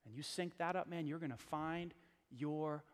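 High-voiced pastor preaching in a reverberant hall. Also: male voice, moderate pace. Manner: conversational, emphatic preaching with repeated phrases. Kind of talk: sermon.

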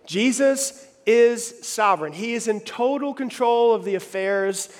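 A man preaching a sermon in a church hall, emphatic, swinging between loud and hushed lines and asking the audience questions. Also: extremely high pitch, measured pace. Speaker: pastor.

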